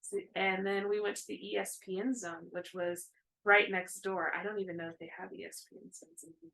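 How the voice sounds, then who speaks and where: A woman in her thirties chats casually as a co-host, her voice carrying a gravelly fry. She rambles along with plenty of fillers and restarts, at an ordinary pitch. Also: flat delivery, brisk, sharp tone, poor audio. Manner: rambling, chatty, with many fillers. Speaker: co-host of a cross-stitch video chat. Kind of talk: casual chat.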